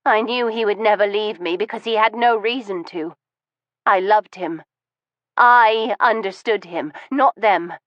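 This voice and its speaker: A woman's voice: unhurried, no echo, muffled recording, close to an everyday voice. A woman voicing a cold, bitter middle-aged wife who holds a gun, speaking icily with wounded resentment. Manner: icy and commanding, turning wounded and shrill. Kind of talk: audiobook reading.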